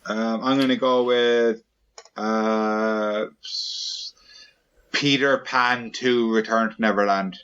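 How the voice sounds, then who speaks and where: A man hosting a casual comedy podcast, peppering his friends with quick playful questions. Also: on the low side, fairly even intonation, fairly bright tone, smooth, lo-fi sound. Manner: playful, quick questions, jumps into silly voices. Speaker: podcast host.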